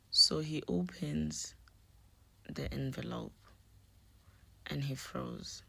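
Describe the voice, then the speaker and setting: A young woman telling a personal story in a hushed, often half-whispered voice, slipping Nguni words into her English. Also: extremely low pitch, animated, very slow, gravelly, pauses often, husky. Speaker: storyteller vlogger.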